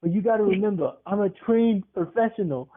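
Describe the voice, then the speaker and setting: A man's voice: high voice, animated, brisk, a little hiss or hum. A man voicing a tough older grandmother who hosts a wildlife show, speaking in a folksy, instructional way. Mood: instructive. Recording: tinny phone-like sound.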